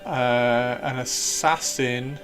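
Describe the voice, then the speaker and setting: A man's voice: medium pitch, fairly even intonation, very slow, fairly bright tone, soft background music. Rambling man chatting on a livestream. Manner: chatty, rambling, with many fillers and restarts. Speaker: livestreamer painting miniatures. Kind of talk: casual livestream chat.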